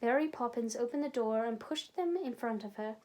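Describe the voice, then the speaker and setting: A woman librarian reading a children's storybook aloud with expressive, animated storytelling. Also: on the high side, a little fast.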